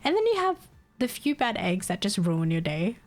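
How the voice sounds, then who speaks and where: A woman's voice: medium pitch, sing-song, normal speed. Young aussie woman ranting on stream, laughs a lot, swears, fed up. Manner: exasperated venting, laughs often, swears. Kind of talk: casual chat with stream chat.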